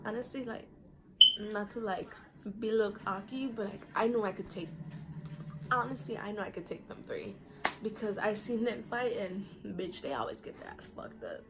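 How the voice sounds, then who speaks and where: Animated young woman telling a storytime. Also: on the high side, normal speed, background noise. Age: young adult. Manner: animated, profane, reenacts quotes. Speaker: vlogger. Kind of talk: casual storytime.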